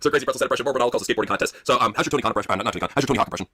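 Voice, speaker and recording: A man's voice: mid-range voice, rapid-fire, sharp tone, slightly rough, no echo. A man hosting a casual podcast chat, reading out listener prompts and laughing often. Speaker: podcast host.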